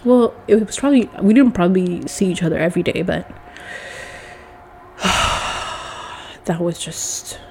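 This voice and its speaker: A woman's voice: on the low side, measured pace, long pauses, a little mellow, slight background noise. A woman ranting to the camera in a casual vlog, swearing often and sounding exasperated. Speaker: vlogger.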